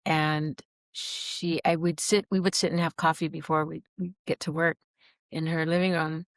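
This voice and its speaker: A middle-aged woman, a podcast guest, earnestly telling her personal story in an animated, heartfelt way. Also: sits low, normal speed, dry recording, clean studio sound. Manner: earnest, animated, acts out quoted dialogue. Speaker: podcast guest, recovery program alumna.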